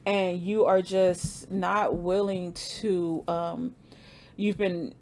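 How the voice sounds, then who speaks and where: A young woman giving a casual tarot reading, animated and slangy, laughing often and repeating phrases for emphasis. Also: lowish voice, drawn-out words, a little hiss or hum. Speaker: tarot reader.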